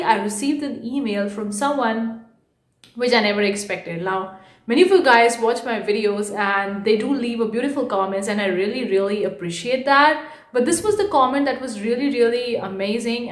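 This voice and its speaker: A young woman vlogging casually to camera about her online art business, chatty and repetitive, a fast talker by habit. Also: fairly high pitch, echoey room. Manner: chatty, repeats herself, fast-talking by habit. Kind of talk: casual vlog talk to camera.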